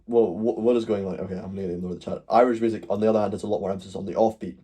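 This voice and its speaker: Mellow man rambling on stream. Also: fairly low pitch, steady tone, rapid-fire, husky. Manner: rambling, answers chat between points. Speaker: live stream host. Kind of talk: casual live stream chat.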